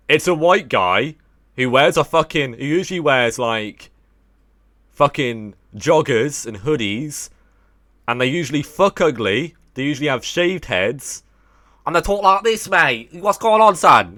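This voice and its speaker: A young Englishman hosts a livestream in a loose, rambling way, tossing out jokes and swear words as he talks to his viewers. His voice sits at an ordinary pitch and comes across dry and close, with no room sound. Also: a bit bright, no echo. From England. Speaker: livestream host. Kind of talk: casual livestream chat with viewers.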